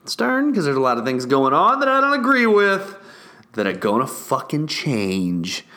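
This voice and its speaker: A young man chatting casually to his viewers, excitable and profane, swinging between loud bursts and hushed asides. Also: mid-range voice, moderate pace. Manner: acts out whispered store dialogue. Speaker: vlogger. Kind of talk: casual chat to camera.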